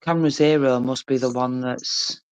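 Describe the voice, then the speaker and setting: A woman's voice: a bass voice, steady tone, moderate pace, clear, resonant tone, no echo, low-quality recording. A woman chatting casually, rambling through sweary anecdotes. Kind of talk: casual chat.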